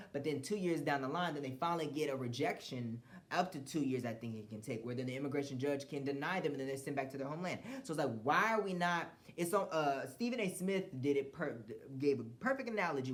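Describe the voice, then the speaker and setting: A man's voice: medium pitch, fairly bright tone. A man from the United States hosting a solo podcast, giving blunt, profane commentary with frequent restarts. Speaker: podcast host.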